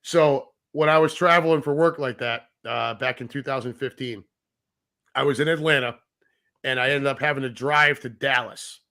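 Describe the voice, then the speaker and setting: A man's voice: medium pitch, steady tone, normal speed, pushed and bright. A middle-aged man, a podcast co-host, telling a long story in casual chat, acting out the people he quotes and swearing freely.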